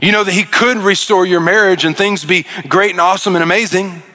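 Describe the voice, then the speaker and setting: A man's voice: high voice, steady tone, fairly quick, pushed and bright. A man preaching a sermon as pastor, impassioned, often repeating words and restarting mid-phrase.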